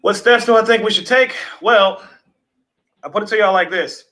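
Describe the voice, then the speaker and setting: A relaxed, chatty man hosts a livestream from home over a video call. His voice sits a little high, and he talks loosely to his viewers, dropping the odd swear word. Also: moderate pace, poor audio. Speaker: livestream host. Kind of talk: casual livestream chat.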